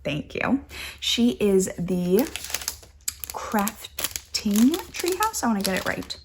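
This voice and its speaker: A woman's voice: mid-range voice, normal speed, vocal fry, a little hiss or hum. A young woman hosting a knitting podcast, chatting casually and gushing over crafts she shows. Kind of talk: casual show-and-tell chat.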